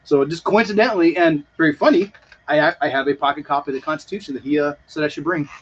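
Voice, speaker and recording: A man co-hosting a homebrewing live stream outdoors, telling stories in quick, easygoing casual chat. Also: a little high, breathy edge, dull audio. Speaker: homebrew show co-host. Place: front porch patio, outdoors.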